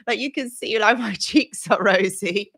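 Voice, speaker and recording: A woman's voice: mid-range voice, a little slow, fairly bright tone. A woman hosting a casual live stream as a relationship coach, flustered and effusive, greeting viewers by name.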